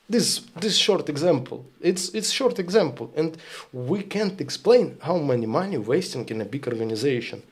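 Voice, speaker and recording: Um homem com sotaque ucraniano, falante nativo de ucraniano, contando histórias numa conversa casual de transmissão ao vivo, em inglês truncado, franco e cheio de palavrões. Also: male voice, fairly high pitch, animated, normal speed, breathy edge. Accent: Ukrainian. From Ukraine. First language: Ukrainian. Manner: blunt, profane, broken English storytelling. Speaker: streamer. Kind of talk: casual stream talk.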